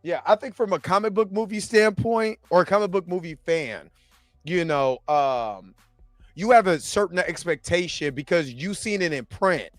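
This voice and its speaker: A man's voice: high voice, expressive, normal speed, no room sound, studio quality, faint music behind. A man co-hosting a podcast, talking in a laid-back, rambling way with lots of fillers. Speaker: podcast co-host. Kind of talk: casual chat.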